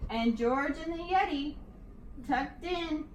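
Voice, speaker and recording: A woman teacher reading a rhyming picture book aloud to her class in a slow, rhythmic way. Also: high-pitched, slight background noise. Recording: echoey room, distant mic.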